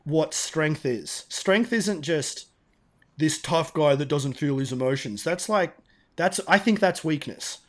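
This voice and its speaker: A man co-hosting a podcast, telling stories in an animated, emphatic, casual way. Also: a little high, slow pace. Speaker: podcast co-host. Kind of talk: casual storytelling chat.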